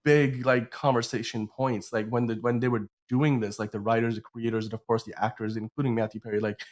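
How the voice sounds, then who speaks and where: A man's voice: mid-range voice, flat delivery, brisk. A man hosting a podcast in a casual chat, rambling with lots of fillers and restarts while sounding sick. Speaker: podcast host.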